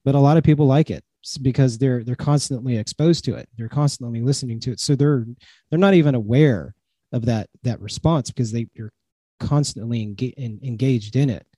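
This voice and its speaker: A podcast guest with a very dark, mellow tone explains his views in an earnest, halting way. He speaks at a middle pitch for a man. The recording is close and dry. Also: breathy edge, no echo. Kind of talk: casual conversation.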